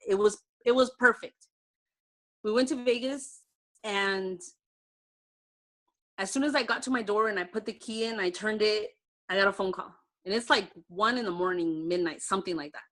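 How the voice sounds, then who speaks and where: A woman's voice: mid-range voice, moderate pace, long pauses, fairly bright tone. A woman leading a sales team, telling her personal success story on a video call in a heartfelt, conversational way with many fillers. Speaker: direct-sales team leader.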